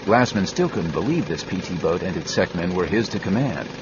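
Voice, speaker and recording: A man narrating a grim adventure novel in a steady storytelling manner. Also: sits low, a little fast, dull audio, background noise. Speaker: audiobook narrator. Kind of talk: scripted narration.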